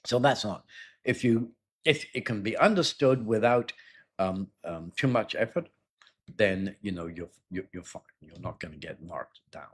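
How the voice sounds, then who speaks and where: A man teaching an exam-prep lesson in a loose, conversational way, often clearing his throat and repeating words. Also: fairly low pitch, normal speed. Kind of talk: explanatory spoken lesson.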